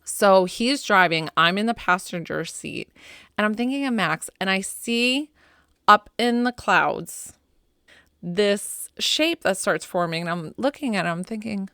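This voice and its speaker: A middle-aged woman hosting a podcast as a pet psychic, telling stories in a chatty, animated, heartfelt way full of "like"s. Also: medium pitch, unhurried, smooth, no room sound, studio quality. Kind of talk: casual heartfelt storytelling.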